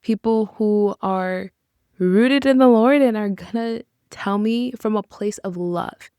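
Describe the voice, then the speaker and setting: A young woman delivers a reflective podcast monologue in an earnest, encouraging tone and slips in casual asides. Her voice has a strong vocal fry. The recording is dry and close, with no room echo. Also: medium pitch, takes it slowly, mellow. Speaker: podcast host.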